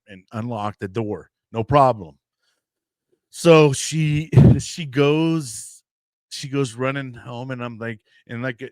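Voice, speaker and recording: A man's voice: mid-range voice, smooth, no echo, clean studio sound. A young American man, a podcast host, rambling through a casual story and acting out what other people said. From United States. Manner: rambling, animated storyteller acting out quoted voices.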